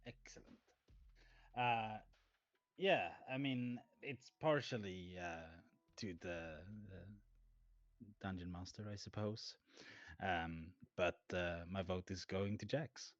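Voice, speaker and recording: A man playing in a tabletop role-playing game, animated and swinging from mumbles to loud outbursts. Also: low voice, slow pace, no room sound, muffled recording. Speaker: player. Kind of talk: casual chat in a tabletop game.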